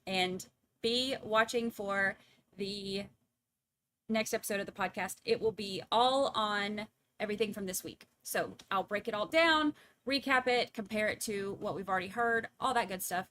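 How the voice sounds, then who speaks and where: Bright-voiced chatty woman streamer. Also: medium pitch, moderate pace. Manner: rambling, chatty, addresses viewers as y'all. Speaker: livestream trial commentator. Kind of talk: casual livestream sign-off chat.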